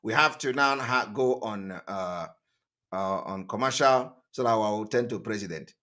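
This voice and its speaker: A man hosting an online channel, delivering emphatic, repetitive political commentary that rises to loud outbursts. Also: on the low side, normal speed. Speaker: online TV host.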